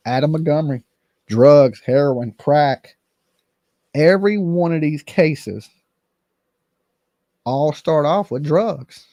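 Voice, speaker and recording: A man's voice: a little high, mellow, no room sound, studio quality. A man hosting a casual commentary stream, blunt and rambling, swearing freely. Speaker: channel host.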